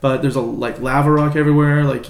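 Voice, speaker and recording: A man's voice: mid-range voice, fairly even intonation, fast talker, gravelly, roomy sound. A man co-hosting a podcast, telling a childhood story in a loose, rambling way and swearing freely. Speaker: podcast co-host. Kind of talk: casual chat, storytelling.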